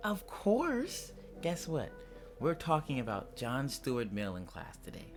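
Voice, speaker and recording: A man voicing a lively young schoolgirl in a game, in a raised, girlish voice. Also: medium pitch, takes it slowly, music in the background, pitched above the performer's own voice. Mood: excited.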